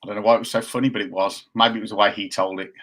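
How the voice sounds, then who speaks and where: A man's voice: on the low side, level tone, very fast, fairly bright tone. A man in his fifties co-hosting a casual live chat show, chatty and jokey as he reads out viewer comments. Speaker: co-host.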